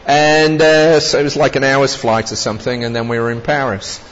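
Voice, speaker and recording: A man's voice: medium pitch, flat delivery, normal speed, a bit bright. A man recounting personal travel anecdotes in a rambling storytelling way, often chuckling and adding asides. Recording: dull lo-fi recording with long reverb and faint noise.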